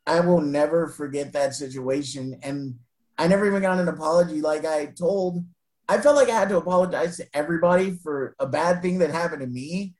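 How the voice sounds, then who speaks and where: A man telling an emotional personal story in an interview, earnest and halting, with frequent restarts and soft laughs. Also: a little high, rough recording. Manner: retells exchanges by voicing both sides.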